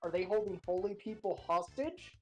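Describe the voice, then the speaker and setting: A woman's voice: mid-range voice, animated, moderate pace, soft background music, low-quality recording. A woman streaming a game, chatting casually and reading the dialogue aloud. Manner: reads game dialogue aloud, laughs often. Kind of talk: casual gameplay chat.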